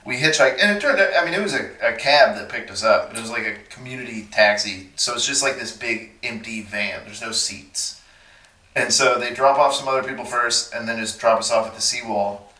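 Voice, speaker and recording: A man's voice: mid-range voice, brisk, reverberant, recorded from a distance. A man from Texas telling a story as a podcast guest, animating it by acting out the voices of people in it. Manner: animated, acts out the voices of people in his stories. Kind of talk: casual storytelling.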